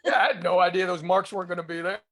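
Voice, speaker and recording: A man's voice: high voice, fairly even intonation, rapid-fire, fairly bright tone. A man in his fifties from East Tennessee with a Southern accent, telling chatty anecdotes as a guest comedian and enunciating his drawl. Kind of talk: casual storytelling interview.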